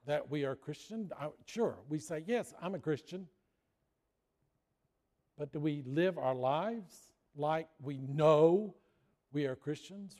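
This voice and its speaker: A man's voice: a little high, dark tone. A man preaching a sermon, telling folksy stories and joking with the congregation. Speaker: pastor. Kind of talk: sermon with storytelling.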